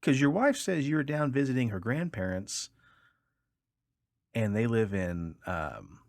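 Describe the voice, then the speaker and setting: A man doing a quick impression of a stern male highway patrolman while telling a story, in curt, clipped commands. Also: lively intonation, gravelly, darkish tone, no echo, clean studio sound. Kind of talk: quoted in an anecdote.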